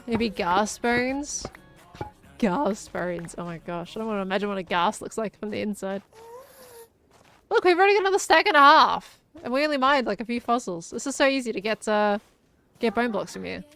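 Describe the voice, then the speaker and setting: A woman's voice: fairly high pitch, lively intonation, moderate pace, fairly bright tone, faint music behind. A woman chatting casually and giggling as she thinks aloud while playing a game. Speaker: gaming streamer.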